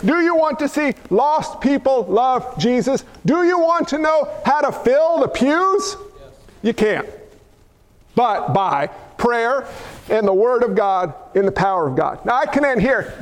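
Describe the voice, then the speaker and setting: High-voiced fired-up preacher man. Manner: fiery, animated preaching with call-and-response to the congregation; folksy, casual asides with loud exclamations. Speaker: pastor. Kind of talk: sermon.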